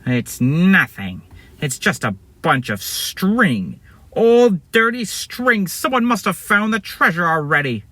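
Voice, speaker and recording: Guy putting on a whiny sneering bad guy, high and husky, storytime villain. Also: sing-song, fairly quick, hardly any pauses, bright, forceful tone, no echo, exaggerated voice. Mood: disappointed. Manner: annoying, gloating. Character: sneering male villain, greedy gang leader.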